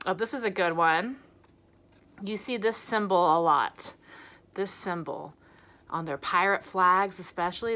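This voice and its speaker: A young woman leads a lesson for small children, her voice bright and sitting slightly high. She talks slowly and clearly, stretching key words and praising every answer. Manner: animated, encouraging, slow and clear. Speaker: preschool teacher.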